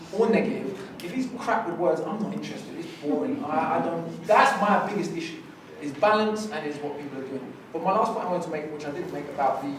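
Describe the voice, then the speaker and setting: Guy on a press panel, fairly high voice, going on like a lecture, big echoey room, mic far away. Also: background noise. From United Kingdom. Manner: animated, lecturing, acts out voices and rhythms. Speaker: rapper on a festival press panel. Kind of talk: passionate press conference talk. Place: conference room.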